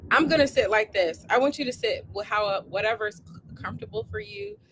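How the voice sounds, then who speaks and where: Gentle woman guiding a body scan. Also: medium pitch, a little hiss or hum, poor audio. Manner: gentle, encouraging, slow guiding cadence with soft laughs. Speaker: coach hosting a co-planning session. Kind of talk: guided body scan meditation. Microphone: live online session.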